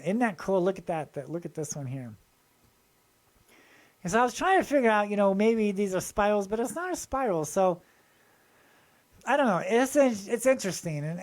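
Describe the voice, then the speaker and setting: Excited rambling man showing finds. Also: high voice. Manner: excited, rambling, addresses viewers directly. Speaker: channel host. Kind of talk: casual show-and-tell video.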